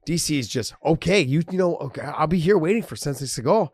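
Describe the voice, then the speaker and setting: A man's voice: a little high, animated, fast talker, a little mellow, husky, no room sound, studio quality. A middle-aged man co-hosting a podcast, recounting a story with amused laughter and disbelief. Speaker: podcast co-host. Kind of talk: casual podcast banter.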